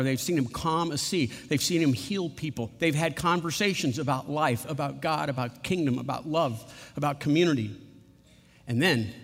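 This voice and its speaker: A man preaching a sermon as pastor, earnest, slowing down for emphasis and repeating key words. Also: on the high side, long reverb tail.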